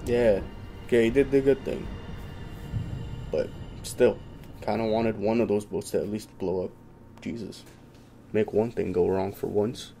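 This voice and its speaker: A man's voice: lowish voice, steady tone, measured pace, pauses often, mellow, faint music behind. A young man giving casual, profane, sarcastic commentary while playing a video game. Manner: profane, sarcastic trash talk. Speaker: gameplay commentator.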